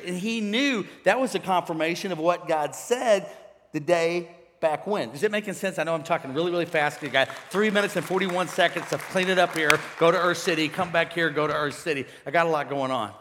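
A pastor from Missouri preaching a sermon in a large church, telling a story and swinging between hushed and shouting. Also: male voice, fairly high pitch. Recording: long church hall reverb.

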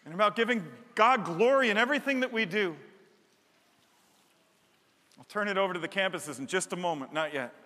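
Pastor guy mid-sermon, high tense voice, jokey then emphatic, long church hall echo. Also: brisk, long pauses. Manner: animated, joking, builds to emphatic repetition.

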